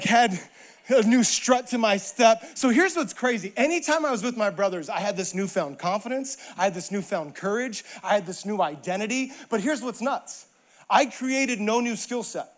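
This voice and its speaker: A man preaching a sermon, telling a funny personal story and acting out the lines before building to emphatic preaching. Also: high-pitched.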